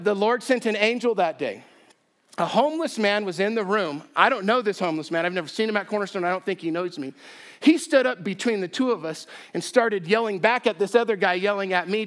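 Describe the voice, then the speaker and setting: A man preaching a sermon, telling a story with self-deprecating humor and an animated, chatty delivery. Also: sits high. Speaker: pastor. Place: church sanctuary.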